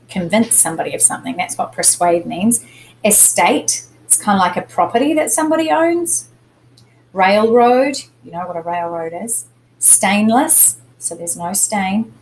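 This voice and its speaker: A woman's voice: mid-range voice, slight background noise, rough recording. A middle-aged woman teacher giving a recorded spelling lesson, patiently explaining step by step and stressing syllables.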